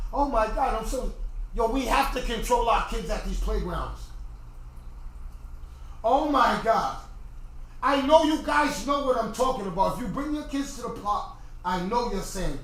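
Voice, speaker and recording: A man's voice: very high-pitched, lively intonation, moderate pace, a bit bright. A middle-aged man hosting a podcast, ranting in a casual livestream monologue and often repeating himself. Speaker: podcast host. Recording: very echoey room, faint noise.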